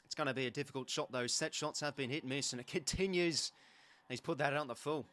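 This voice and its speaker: An Australian man hosts a live football watch-along, calling every passage of play in a quick, chatty way. He gets excitable when the action picks up, with a mid-pitched voice. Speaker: host.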